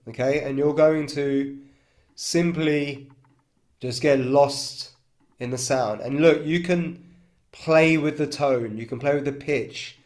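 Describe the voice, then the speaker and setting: A man guides a breathwork and chanting practice in an easy, reassuring way. He demonstrates the tones himself between his explanations. He keeps checking in with his listeners as he goes. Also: mid-range voice. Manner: calm coaching with frequent "okay?" and "right?" check-ins. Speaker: breathwork coach.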